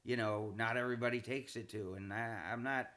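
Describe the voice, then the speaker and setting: A male comedian talks in a bright, forceful voice of middling pitch. He keeps restarting his sentences and repeating words, and his voice springs higher whenever he gets excited. The tone stays casual, like a podcast chat. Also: fairly quick. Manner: animated, jumps in pitch when excited. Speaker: comedian and show creator.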